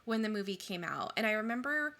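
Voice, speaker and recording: A woman in her thirties co-hosting a podcast, chatting in a relaxed, reflective way with plenty of fillers. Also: medium pitch, fast. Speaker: podcast co-host. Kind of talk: casual chat.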